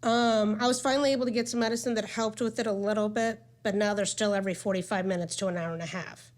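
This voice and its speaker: A woman's voice: mid-range voice, steady tone, fast talker. A woman in her forties gives a candid, conversational talk at a medical conference, telling her own story and speaking with frequent "um" and "like". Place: conference session room.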